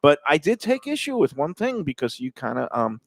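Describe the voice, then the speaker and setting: A man's voice: a little high, big pitch swings, a little fast, gravelly, no room sound. A man from New York co-hosting a casual outdoor chat at the beach, rambling with many repeated words. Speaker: co-host. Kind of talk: casual banter.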